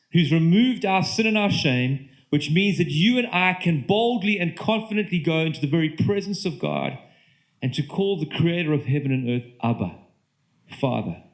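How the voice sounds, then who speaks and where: A man with a British accent preaching a sermon to his church, earnest and often restarting his sentences. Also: fairly high pitch. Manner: earnest, halting with repeated restarts. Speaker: pastor.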